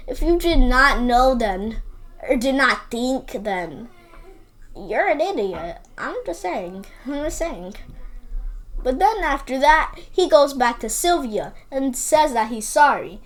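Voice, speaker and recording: A woman giving a casual, rambling movie review, opinionated and full of "like" and repeated phrases. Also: high-pitched.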